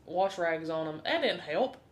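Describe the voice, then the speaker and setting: A woman's voice: animated, measured pace. A woman co-hosting a podcast, chatting casually and telling stories with a laugh. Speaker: podcast co-host. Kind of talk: casual chat. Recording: echoey room, faint rumble.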